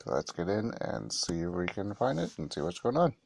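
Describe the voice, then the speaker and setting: A man hosting a mobile gaming channel, giving relaxed gameplay commentary and reading game text aloud with hesitant restarts. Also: sits low, normal speed, gravelly, breathy edge.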